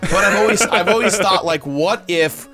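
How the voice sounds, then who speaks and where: Excitable male storyteller, slightly high voice, faint music underneath. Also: moderate pace. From Los Angeles area. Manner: animated storyteller, acts out quotes loudly. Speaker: guest telling a story. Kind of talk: casual podcast chat.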